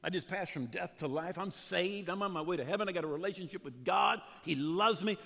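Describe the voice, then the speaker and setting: A man preaching a sermon as pastor, fervent, with dramatic pauses and emphatic builds. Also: sits high, creaky, pushed and bright, big-room sound.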